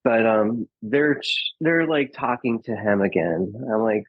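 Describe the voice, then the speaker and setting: A man's voice: on the low side, animated, measured pace, no echo. Guy rambling thru his story with lots of likes and laughs, acts out what people said, sounds kinda dull and dry. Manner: chatty, filler-heavy, laughs often, acts out quotes. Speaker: podcast guest, comedian. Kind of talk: casual storytelling.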